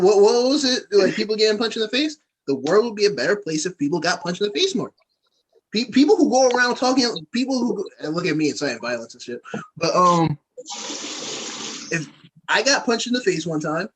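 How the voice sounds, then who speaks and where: A man's voice: high voice, very animated, brisk, a bit bright, breathy edge, poor audio. A man hosting a casual podcast chat with friends, rambling and laid-back with many fillers. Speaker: podcast host.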